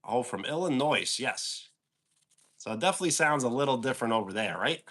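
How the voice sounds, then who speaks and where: A man's voice: mid-range voice, lively intonation, fairly quick, fairly bright tone. A man with a New York accent, chatting casually on a livestream and answering viewers' comments. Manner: easygoing, answers chat questions aloud. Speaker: livestream host.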